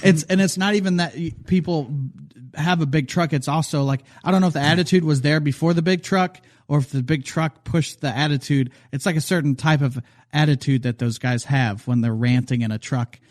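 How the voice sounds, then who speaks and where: A man's voice: fairly high pitch, brisk, darkish tone. Midwestern man with a Hoosier twang. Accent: Indiana Midwestern. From Indiana. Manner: loose, rambling, slips into mock voices. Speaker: comedian guest. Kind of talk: casual podcast chat.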